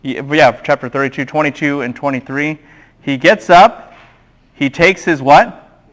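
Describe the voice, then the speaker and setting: A man giving a classroom Bible lecture, animated and quizzing the students with questions. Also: a little high, unhurried.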